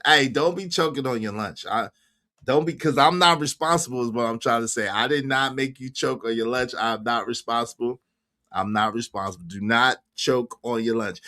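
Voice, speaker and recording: Bright-voiced joking man hosting a livestream. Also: a little high. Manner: loud, joking banter with shout-outs to viewers. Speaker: livestream show host. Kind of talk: casual livestream chat.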